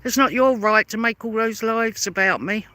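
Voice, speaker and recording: A woman's voice: fairly high pitch, moderate pace, pushed and bright, dry recording. A woman delivering a confrontational, sarcastic rebuttal rant as a vlogger, firing repeated pointed questions. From London. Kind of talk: angry rebuttal rant to camera.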